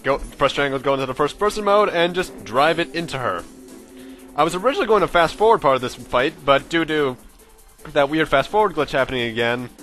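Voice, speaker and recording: A young man narrating his own game playthrough in a loose, rambling way, joking and swearing as he plays. His voice is bright and forward, and soft music runs in the background. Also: mid-range voice. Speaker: let's play gamer. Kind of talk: casual gameplay commentary.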